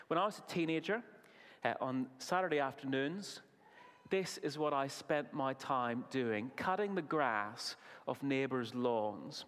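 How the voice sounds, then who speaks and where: A man preaching at a family service, asking the children questions and praising their answers in an animated way. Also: on the high side, unhurried. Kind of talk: children's talk in a sermon. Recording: long reverb of a large hall.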